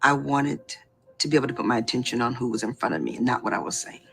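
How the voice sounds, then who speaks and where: A woman telling her own story as a beauty consultant in an animated, personal testimonial, breaking into excited outbursts. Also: very deep voice, fast talker, creaky. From Boston area.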